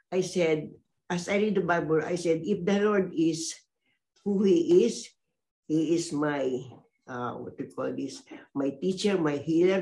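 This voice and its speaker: A woman in her eighties giving a faith testimony in an interview, often pausing to search for words and laughing between thoughts. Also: low voice, warm tone. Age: 80s.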